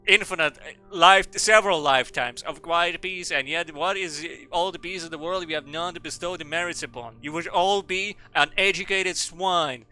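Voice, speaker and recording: Pompous ancient headmaster, very bright, ringing oratory, played by a man, faint music under it. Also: on the high side, moderate pace, hardly any pauses, smooth, voice pushed up. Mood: grandiose. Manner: grandiose, theatrical oratory. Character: pompous ancient male headmaster giving farewell speech.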